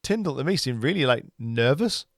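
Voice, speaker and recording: A man's voice: medium pitch, animated, brisk, no room sound, clean studio sound. A man co-hosting a football podcast, easygoing, chuckling often and ending points with tag questions. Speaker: podcast co-host. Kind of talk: casual football chat.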